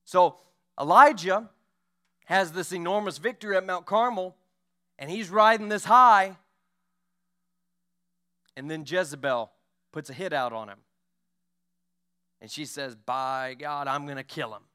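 Man preaching in church, bright smooth voice, acts out the bible story bits. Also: sits high, lively intonation, a little slow, long pauses. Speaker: pastor. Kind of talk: sermon.

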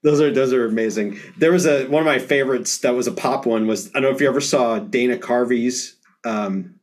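A man's voice: mid-range voice, fairly quick. A man hosting a casual podcast, asking questions and agreeing often. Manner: agreeable, many short affirmations. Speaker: podcast host.

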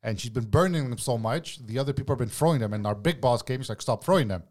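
A man with a mid-range voice talks fast as a guest in a casual podcast chat, telling a heated work story. He swears freely and acts out both sides of an argument.

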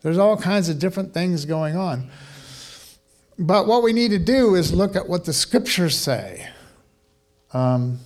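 A man pastor preaching a sermon in a conversational, animated way, with casual asides and questions to the congregation. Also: high-pitched, unhurried, pauses often.

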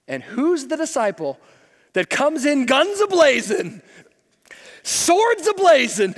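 A man preaching a sermon as pastor, telling the story in a casual, humorous, animated way. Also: extremely high pitch, unhurried, long reverb tail.

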